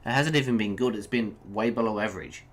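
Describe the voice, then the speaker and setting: A man's voice: fairly low pitch, fast talker. A young man hosting a solo sports podcast, ranting heatedly about referees, swearing and then apologizing. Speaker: podcast host.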